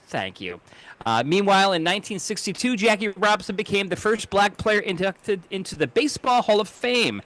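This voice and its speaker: A man's voice: high voice, lively intonation, fairly quick, a bit bright. A man co-hosting a casual podcast, rambling through a jokey history rundown and fumbling names. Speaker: co-host. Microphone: home mic on a video call.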